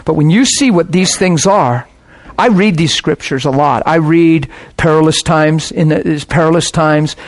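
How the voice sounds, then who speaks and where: Man, middle-aged pastor, sermon, passionate and conversational, fairly high voice. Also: normal speed.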